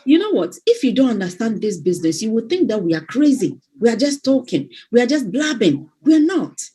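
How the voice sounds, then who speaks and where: A woman hosts a casual motivational live stream, telling stories with excitement and laughing easily. Her voice is husky and fairly high. Its pitch moves around a lot. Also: fairly quick. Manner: excited storytelling, laughs readily.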